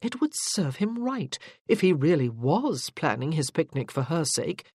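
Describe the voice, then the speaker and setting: A narrator reading a period romance novel in an even, measured way. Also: mid-range voice, slightly rough, no echo, studio quality.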